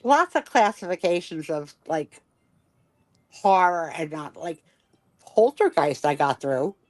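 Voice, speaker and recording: A woman chatting casually on a live stream, animated and full of fillers. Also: lowish voice, slow pace. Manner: animated, lots of "like". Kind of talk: casual chat.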